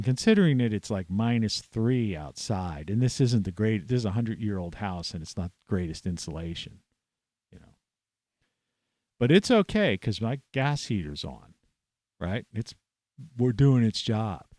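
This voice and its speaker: A man's voice: on the low side, a little mellow, no room sound. A man at home, ranting scornfully to camera with plenty of swearing. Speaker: vlogger. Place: at home, indoors in an old house.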